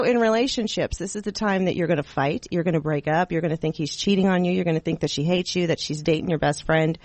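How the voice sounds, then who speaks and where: A woman hosting a talk radio show, chatting in a rambling, giggly, animated way into a studio microphone. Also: mid-range voice, no room sound. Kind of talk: casual talk radio chat.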